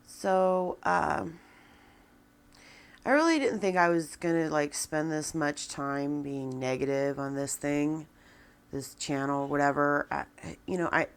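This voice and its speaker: A woman in her forties talking to a camera, venting in a halting, downcast way with many restarts. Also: low voice, smooth. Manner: subdued and downcast. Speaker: vlogger. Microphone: camera with a person filming.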